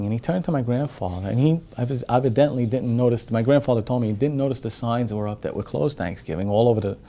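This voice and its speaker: An older man telling a family anecdote in a casual, animated way. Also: mid-range voice. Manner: animated storyteller who acts out quoted voices. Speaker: restaurant family member telling a story.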